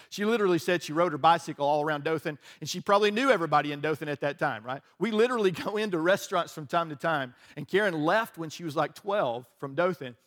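A man's voice: a little high, a bit bright. A man, a pastor preaching a conversational, joking sermon and often asking his listeners "right?".

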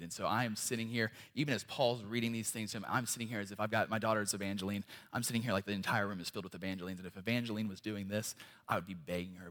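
A young man delivers a sermon as a guest preacher. His voice sits somewhat low, and he is impassioned, rising into loud emphasis and then dropping to near-hushed, personal lines. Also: fairly even intonation, racing. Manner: impassioned, swings between loud emphasis and quiet intimate lines. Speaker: guest speaker.

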